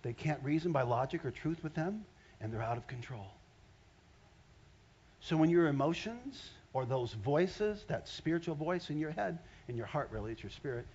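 A man preaching a sermon as a pastor, animated, swinging between loud exclamations and hushed asides. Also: fairly high pitch, muffled recording, slight background noise.

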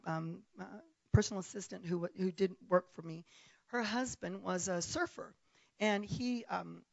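A woman preacher tells a personal story from the pulpit, building to loud emphatic bursts and stumbling over quick restarts. Her voice sits mid-pitch and sounds dry and close, a little dull in the high end. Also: no room sound. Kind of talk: storytelling sermon.

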